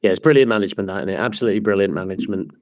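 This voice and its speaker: A man with an English Midlands accent, co-hosting a podcast in casual, sweary, jokey chat and animated storytelling. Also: low voice, racing, dry recording. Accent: English Midlands, Nottingham area. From England. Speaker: podcast co-host.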